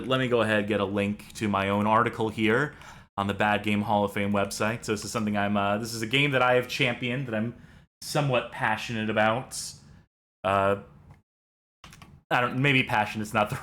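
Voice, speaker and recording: A man's voice: fairly low pitch, moderate pace, sharp tone. A young man hosting a let's-play show, rambling enthusiastically and poking fun at himself. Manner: rambling, enthusiastic, self-deprecating. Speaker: game show co-host.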